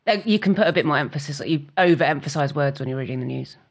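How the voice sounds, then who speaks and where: A woman producer and former newsreader joining a casual chat in a brisk, matter-of-fact way. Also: low voice, expressive, slightly rough. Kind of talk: casual chat from behind the mics.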